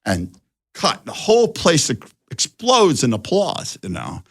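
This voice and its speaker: Older man, guest storyteller, swooping lively pitch, acts out quoted voices. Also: measured pace. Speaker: guest director. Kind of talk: animated anecdote telling.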